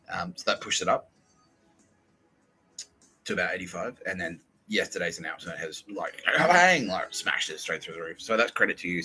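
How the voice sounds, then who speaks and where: A man hosting a podcast in a rambling, profane comedic monologue, jumping between loud outbursts and low mutters. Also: slightly rough, rough recording. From Australia. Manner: crude and profane, swings between loud bursts and mumbles. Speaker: podcast host.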